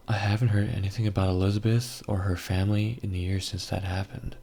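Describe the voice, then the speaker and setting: A man reading a scripted horror story aloud in a measured, grave first-person telling. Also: low-pitched, level tone, dark tone. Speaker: story narrator.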